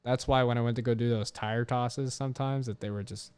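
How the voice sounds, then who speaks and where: Smooth-voiced young man, profane storyteller. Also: medium pitch, fairly even intonation, fairly quick, a little mellow. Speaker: podcast host. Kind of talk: casual chat.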